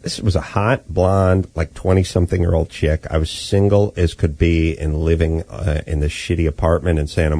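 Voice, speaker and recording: A man's voice: deep voice, a little mellow, no room sound. A middle-aged man hosting a podcast, telling a casual story in a wry, profane way and acting out the voices of the people in it. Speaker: podcast host.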